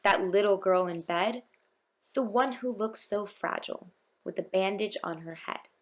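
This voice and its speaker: A woman's voice: mid-range voice, unhurried, close to an everyday voice. A woman voicing the jester's loyal, eager companion in a storybook reading.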